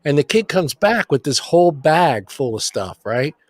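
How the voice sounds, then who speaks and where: A man's voice: fairly high pitch, very animated, normal speed, no echo. A man co-hosting a casual sports chat show, telling long rambling stories and swearing casually. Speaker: podcast co-host.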